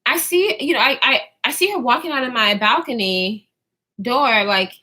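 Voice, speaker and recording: A woman's voice: fairly high pitch, moderate pace, sharp tone. A woman in her twenties telling a story to her viewers in a casual, slangy way, swearing freely and often trailing off to restart.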